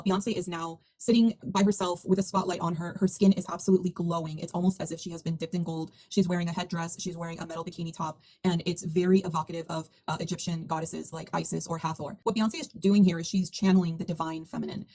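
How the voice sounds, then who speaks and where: A woman's voice: lowish voice, warm tone. A woman analysing a music video in a conversational, emphatic commentary, with frequent fillers and restarts. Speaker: video essay host.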